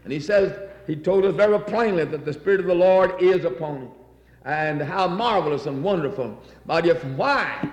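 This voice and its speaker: A man's voice: a little high, normal speed, a little hiss or hum. A man preaching a sermon in a church, fervent and repetitive, reading scripture aloud between exclamations. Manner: fervent, repeats phrases, reads scripture aloud. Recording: echoey hall.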